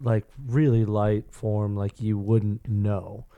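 A man's voice: lowish voice, flat delivery, takes it slowly, dark tone, clear, resonant tone, dry recording, dull audio. A man co-hosting a podcast in casual chat, laughing and explaining himself carefully. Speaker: podcast co-host.

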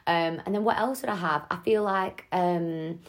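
A woman's voice: on the low side, normal speed. A young woman hosting a podcast, chatting casually with many "like"s and "um"s. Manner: chatty, lots of "like" and "um". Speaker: podcast host. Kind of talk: casual chat.

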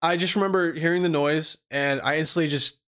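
Rambling, cursing man with a slightly high voice. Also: steady tone, a little fast, fairly bright tone. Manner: rambling, swears freely, acts out quoted people. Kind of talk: casual storytelling monologue.

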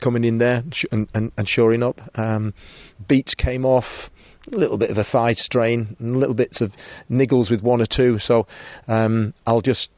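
A man's voice: medium pitch, little pitch movement, moderate pace, no room sound, highs cut off. A man managing a football club, giving a post-match interview, full of restarts and fillers. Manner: hesitant, many restarts and fillers.

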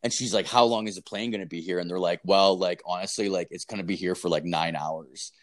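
A man's voice: low-pitched, fairly even intonation, fast. A young man hosting a podcast, telling a long story in casual chat, rambling and swearing constantly with lots of "like" and "dude". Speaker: podcast host.

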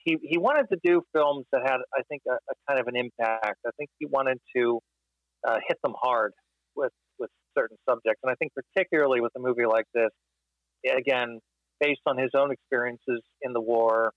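Measured man, slightly dull recording. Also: mid-range voice, dry recording. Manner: thoughtful, measured, with many fillers. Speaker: film discussion co-host. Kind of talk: casual podcast discussion.

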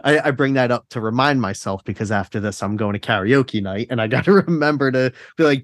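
A man's voice: mid-range voice, brisk, no echo. A man hosting a casual podcast chat, rambling along, laughing often and swearing casually. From South Jersey. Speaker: podcast host.

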